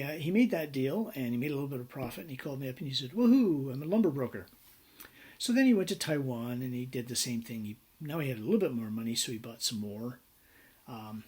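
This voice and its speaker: A man's voice: medium pitch, husky. A middle-aged man teaching business law in a recorded lecture, telling stories in a conversational way with many fillers.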